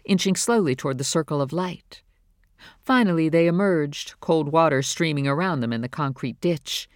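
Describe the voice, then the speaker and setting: A woman narrating a novel in a steady, measured reading voice. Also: deep voice, dry recording, studio quality. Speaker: audiobook narrator. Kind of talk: scripted narration.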